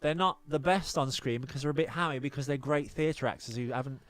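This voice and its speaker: A man's voice: medium pitch, quick pace, dry recording. A man co-hosting a podcast, chatting casually and reeling off opinionated film facts. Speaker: podcast co-host. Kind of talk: casual chat.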